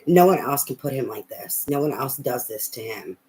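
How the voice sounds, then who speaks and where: A tarot reader giving a casual, blunt and heavily profane love reading in an animated way. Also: mid-range voice, normal speed, poor audio.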